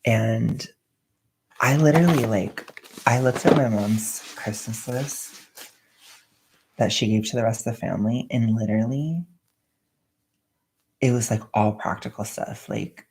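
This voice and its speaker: A woman's voice: extremely low pitch, measured pace, long pauses, darkish tone, a little hiss or hum. A woman chatting casually on a livestream while wrapping gifts, rambling and joking at her own expense. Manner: rambling, self-mocking, joking. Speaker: vlogger livestreaming.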